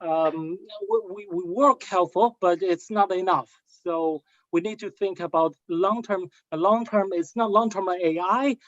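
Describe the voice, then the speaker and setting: A man who researches AI, speaking on an online panel. He talks haltingly, with many fillers and restarts. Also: high-pitched, no echo, muffled recording. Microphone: video call.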